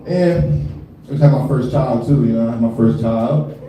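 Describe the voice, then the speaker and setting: A man in his thirties performs stand-up live, casual and profane, laughing plenty and leaning on filler tags. His mid-range voice is warm and moderately paced, heard from a distance in an echoey venue with slight background noise.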